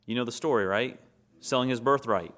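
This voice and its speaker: A man preaches a sermon, posing questions to his listeners, answering them himself, and acting out short scenes in quoted voices. He has a mid-range, fairly bright voice and talks a little fast.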